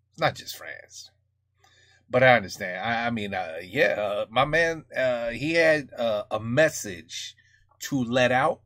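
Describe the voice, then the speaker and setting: A man from the United States reacting to a music video in casual, halting commentary full of fillers and restarts. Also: medium pitch, a bit bright, no echo, clean studio sound. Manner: thinking aloud, many fillers and restarts.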